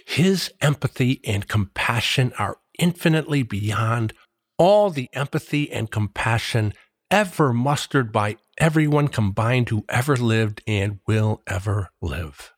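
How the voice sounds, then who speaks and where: A man giving a slow, earnest Catholic devotional reflection, reading scripture verses aloud. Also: medium pitch, animated, no room sound, studio quality. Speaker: Catholic preacher.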